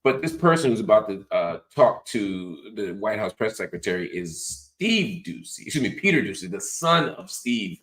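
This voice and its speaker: A middle-aged man hosting a political commentary show, talking in an animated, sarcastic way with mocking asides. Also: fairly low pitch, normal speed, hardly any pauses. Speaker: host.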